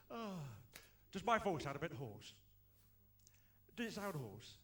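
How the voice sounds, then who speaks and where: A man's voice: fairly high pitch, very animated, slow pace, sharp tone, full character voice. A man playing a middle-aged stage magician-comedian on a club stage, chuckling and muttering between one-liners and botched tricks. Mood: bumbling. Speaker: tribute comedian.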